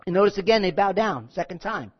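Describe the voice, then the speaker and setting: Guy preaching, chatty and lively, kinda high voice, muffled lo-fi recording. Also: quick pace, breathy edge. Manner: conversational, animated preaching with asides and laughs. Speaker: pastor. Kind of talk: sermon.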